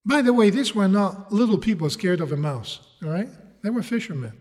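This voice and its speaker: A man's voice: high-pitched, brisk. Guy preaching, english not his first language, keeps asking the crowd questions, echoey big hall. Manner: animated storytelling, rhetorical questions to the audience. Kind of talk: sermon.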